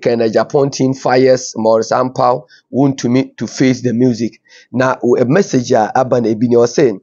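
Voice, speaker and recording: A man's voice: mid-range voice, a little mellow. Ghanaian man hosting online news commentary. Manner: switches between Twi and English, informal asides. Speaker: news show host. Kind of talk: commentary reading viewer comments. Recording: dull lo-fi audio.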